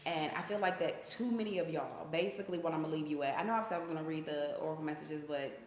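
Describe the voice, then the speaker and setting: A woman hosts a casual spiritual reading in a chatty, slangy style and keeps asking her viewers "okay?". Her voice sits slightly low. The room around her is very echoey. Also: fast talker, slight background noise. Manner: breaks into sung snippets. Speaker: intuitive reader, channel host.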